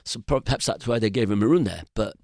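Older man, low voice, rambling anecdotes. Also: quick pace, creaky, dry recording, clean studio sound. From Britain. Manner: rambling, anecdotal, animated with restarts. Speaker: guest. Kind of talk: casual interview storytelling.

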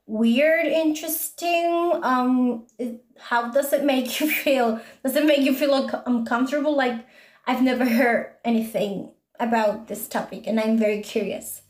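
Spanish-accented woman, native spanish speaker, eager fan question, bright-ish higher voice, roomy echoey home recording. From Spain. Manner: eager, earnest.

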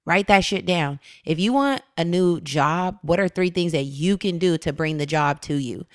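A young woman co-hosting a casual spiritual self-help chat, telling stories in an animated, slangy way. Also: lowish voice, moderate pace, dry recording, studio quality. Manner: animated storyteller, slangy and laughing. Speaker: podcast co-host.

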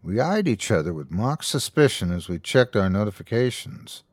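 A man narrating a scripted horror story in a measured storytelling voice, lightly voicing the characters. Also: on the low side, sing-song, a little mellow, dry recording, clean studio sound. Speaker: host and narrator.

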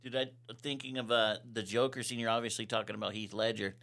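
A man's voice: fairly low pitch, level tone, fast talker, gravelly, a bit bright. A man hosting a podcast, chatting casually and reacting with surprise to a guest's stories. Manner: laid-back, reacts with surprise. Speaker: podcast host. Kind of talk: casual chat.

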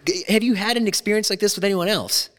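A man in his forties hosting a podcast in a studio, telling stories in an animated, self-deprecating way. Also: high-pitched, quick pace, big-room sound, a crowd in the background. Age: 40s. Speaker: podcast host. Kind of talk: casual chat.

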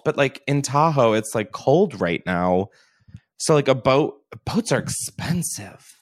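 A man's voice: fairly high pitch, lively intonation, normal speed. A young man hosting a podcast, chatting casually in a rambling way and laughing often. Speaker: podcast host. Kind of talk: casual chat.

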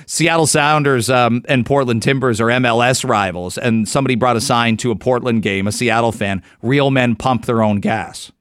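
A man's voice: mid-range voice, normal speed, few pauses, a bit bright, clear, resonant tone, no echo, studio quality. Chatty middle-aged male radio host. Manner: chatty storyteller, acts out quoted exchanges. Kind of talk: casual radio chat.

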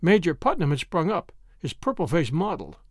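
A man narrating a classic mystery story as an audiobook reader, expressive and lively. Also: a little high, moderate pace, no echo, clean studio sound.

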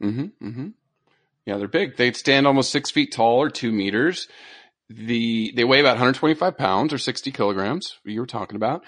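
A man hosting a casual animal podcast, jokey and teasing, telling stories with animated voices. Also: medium pitch, normal speed, dry recording. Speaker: podcast host.

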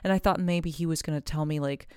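Podcast co-host on a video call: a woman with a smooth, lower voice telling a story in a lively, rambling way, with a dry sound. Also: fast talker, no echo. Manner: animated, swearing, many fillers. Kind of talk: casual storytelling chat.

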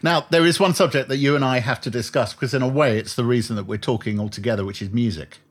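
A man's voice: medium pitch, quick pace, a little hiss or hum. A man hosting a lunchtime interview, asking wry and probing questions in a chatty way. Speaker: interview host. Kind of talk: conversational interview.

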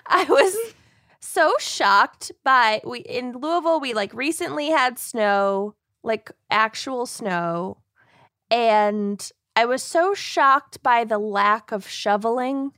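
A woman co-hosting a podcast, telling a story in casual chat with animated exasperation and some swearing. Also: a little high, slow pace, no echo, studio quality. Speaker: podcast co-host.

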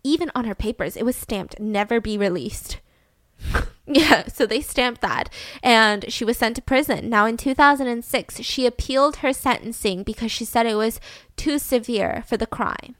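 A woman's voice: fairly high pitch, normal speed, fairly bright tone, no room sound, studio quality. A woman hosting a casual true-crime podcast, chatty and giggly, acting out quotes as she tells the story. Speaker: podcast host.

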